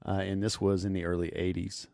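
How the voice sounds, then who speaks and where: A man in his forties from southeastern Kansas, calmly introducing his paranormal story with frequent "uh" fillers. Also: sits low, brisk, vocal fry, dry recording, studio quality. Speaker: guest storyteller. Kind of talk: casual spoken storytelling.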